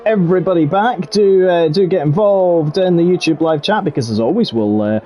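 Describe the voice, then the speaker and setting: A man's voice: high-pitched, expressive, normal speed, lo-fi sound, soft background music. A man commentating live on an online racing league, jokey and rambling, full of fillers and nicknames. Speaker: lead commentator. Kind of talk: live esports race commentary.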